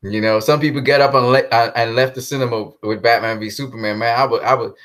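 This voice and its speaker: A man vlogging a casual solo monologue about movies, animated and jokey, spinning exaggerated comic rants. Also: medium pitch, fast. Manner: animated and jokey, often breaking into laughter.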